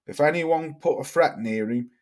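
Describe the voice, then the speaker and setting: A man's voice: fairly high pitch, normal speed, darkish tone. Blunt man ranting. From Cheshire, England. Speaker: livestream host. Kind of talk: livestream rant reading chat comments.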